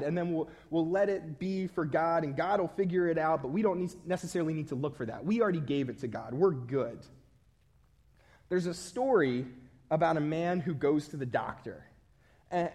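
A man with a slightly high voice preaches a sermon. His delivery is conversational and self-deprecating, relaxed like storytelling among friends.

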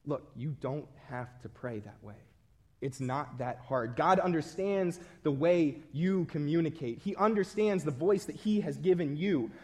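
A man's voice: on the high side, measured pace, darkish tone, breathy edge. A man preaching a sermon in a conversational, self-deprecating storytelling manner.

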